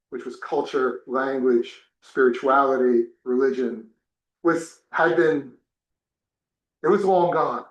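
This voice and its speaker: Man, from New Jersey, professor, classroom storytelling, fairly high voice, echoey room. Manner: animated storytelling with many restarts. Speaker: religion professor. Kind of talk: classroom talk with personal stories. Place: temple classroom.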